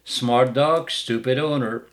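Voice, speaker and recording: A man's voice: mid-range voice, takes it slowly. A middle-aged man who hosts a dog-training show and delivers a blunt, mocking casual rant. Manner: blunt, mocking, bursts of laughter.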